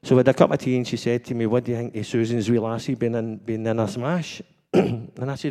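A Scottish man tells a personal church testimony in a chatty, easygoing way, often breaking into laughter. His voice is mellow and warm at a middling pitch. The sound rings with a long reverb, as in a church hall. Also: fairly even intonation, fast talker. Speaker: church member giving testimony.

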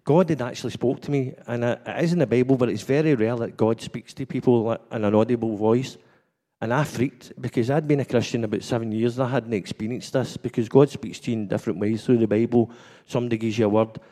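A man's voice: mid-range voice, steady tone, fast talker, warm tone. Scottish man sharing a chatty church testimony. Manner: chatty storytelling, laughs often. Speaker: church member giving testimony. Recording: long hall reverb.

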